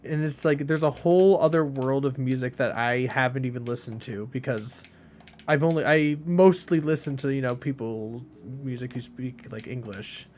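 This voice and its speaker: A man's voice: medium pitch, normal speed, a little mellow, slight background noise. A man streaming a game and chatting with his viewers in a rambling, casual way, full of filler words. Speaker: game streamer reading chat. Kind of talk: casual chat while playing.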